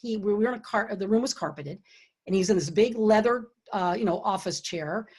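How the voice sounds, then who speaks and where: A woman's voice: medium pitch, fairly quick, slightly rough. A middle-aged woman hosting an online book launch, giving earnest, encouraging leadership advice and telling personal stories. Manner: earnest and encouraging, drops to a hushed tone when retelling quiet moments. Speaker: author and host of a book launch. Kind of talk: online event talk with storytelling. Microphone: computer or webcam mic for an online event.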